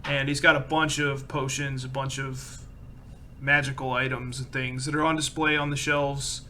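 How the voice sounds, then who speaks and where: A man's voice: mid-range voice, level tone, moderate pace, sharp tone, a little hiss or hum. A man running a tabletop game as game master, narrating in a loose, casual, descriptive way.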